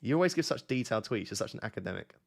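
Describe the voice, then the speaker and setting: A man's voice: mid-range voice, sing-song, rapid-fire, gravelly. A young man hosting a casual late-night live stream from his bed at home, chatty and teasing as he talks to his chat. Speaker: fantasy football streamer, host.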